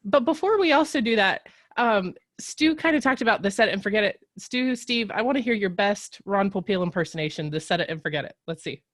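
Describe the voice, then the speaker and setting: A woman from Texas hosts a webinar with bubbly, chatty energy. Her voice is mid-pitched and sounds dry and close. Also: animated, brisk, hardly any pauses, no echo. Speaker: webinar host. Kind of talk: casual webinar hosting.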